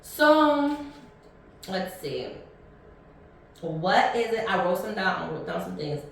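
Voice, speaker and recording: A woman's voice: mid-range voice, sing-song, slow, creaky. A woman of thirty hosting a casual solo podcast, chatty and blunt, rambling with many ums and restarts. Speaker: podcast host. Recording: echoey room, mic at a distance.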